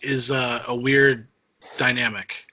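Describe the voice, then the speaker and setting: Young man, podcast co-host, filler-heavy rambling, sharp bright tone. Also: mid-range voice, little pitch movement, slow. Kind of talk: casual chat.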